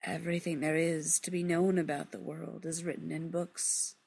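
A woman voicing an ancient, lonely witch who speaks tersely and slowly in a storybook reading. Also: deep voice, level tone, creaky, a little mellow, slightly rough, heavily acted. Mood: knowing.

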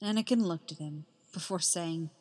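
A woman reading a story aloud, slow and soft-spoken, letting her phrases fall quiet at the ends. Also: on the low side, big-room sound. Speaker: fan fiction reader. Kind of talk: storytelling narration.

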